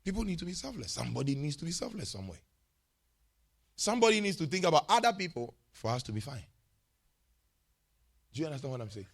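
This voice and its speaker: A male pastor delivers a sermon in a fairly high voice, pressing his points home with emphatic repetition. He keeps turning to his congregation with questions to hold them with him. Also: very animated, fast talker, creaky, long pauses.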